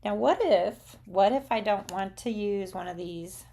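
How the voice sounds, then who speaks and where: A woman's voice: medium pitch, unhurried, creaky, mellow, slight background noise. A middle-aged woman with a Southern accent, chatting casually and rambling a little with frequent ums as she hosts a live craft demonstration for viewers.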